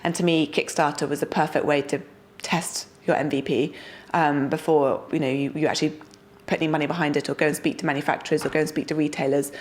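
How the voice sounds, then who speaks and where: A young woman from the United Kingdom, a startup founder talking enthusiastically as an interview guest. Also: low voice. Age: young adult. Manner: energetic, enthusiastic, quick asides. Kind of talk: casual interview talk.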